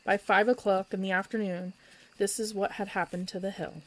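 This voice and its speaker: A woman storyteller reading a children's book aloud at bedtime with expressive, lively narration. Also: medium pitch, a little fast, a little hiss or hum, low-quality recording.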